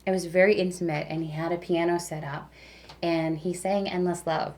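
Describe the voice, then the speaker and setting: A woman's voice: fairly low pitch, steady tone, moderate pace, darkish tone. A woman who works as a radio DJ, a guest telling stories in a chatty way, full of fillers. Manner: chatty, full of "like" and "you know". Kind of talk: casual storytelling.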